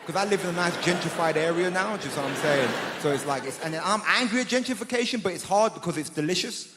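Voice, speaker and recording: A man's voice: high voice, fast. A man doing a stand-up set on a large theatre stage, chatty and conversational. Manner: lively, conversational, slips into voices of friends. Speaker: stand-up comedian. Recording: roomy theatre with long reverb and loud crowd noise.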